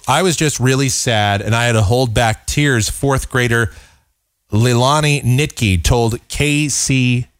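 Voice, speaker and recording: A man's voice: fairly low pitch, no echo, clean studio sound. A man in his forties hosting a talk show, giving an exasperated, sarcastic opinion commentary with a rambling delivery.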